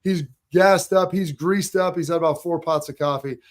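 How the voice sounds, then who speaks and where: A man's voice: a little high, fairly even intonation, moderate pace. A man hosting a sports talk show, chatting casually and reading sponsor spots in an upbeat way.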